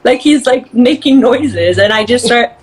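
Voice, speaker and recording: A woman guest in a casual interview chat, bubbly and quick to laugh, acting out voices as she tells stories. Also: on the high side, animated, low-quality recording.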